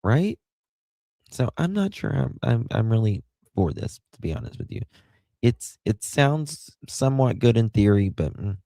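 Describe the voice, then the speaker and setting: A man's voice: medium pitch, big pitch swings, measured pace, vocal fry, dark tone, dry recording. A man with an Appalachian accent hosting a live stream, rambling casually and greeting chat viewers by name.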